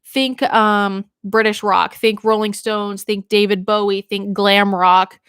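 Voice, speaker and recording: A young woman from Maine who works as a radio DJ, chatting on a livestream in a loose, rambling way. She's a little tipsy from drinking and laughs easily. Her voice sits at an ordinary pitch and sounds dry and close, with no room around it. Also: little pitch movement, slow, a bit bright, clear, resonant tone, no room sound. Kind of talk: casual livestream chat.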